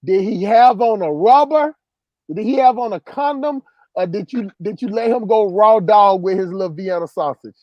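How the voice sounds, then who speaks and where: A man's voice: high-pitched, normal speed, no room sound, lo-fi sound. A man hosting a casual livestream, reading chat comments and telling stories in a loose, repetitive, laughing way. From southern US countryside. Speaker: livestream host.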